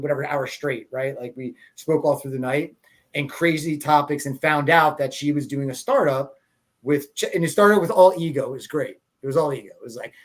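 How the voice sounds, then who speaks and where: A man hosting a podcast in a slightly raised voice. He tells stories casually and rambles, breaking off and restarting his sentences and laughing along the way. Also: fairly high pitch. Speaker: podcast host. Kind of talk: casual conversational storytelling.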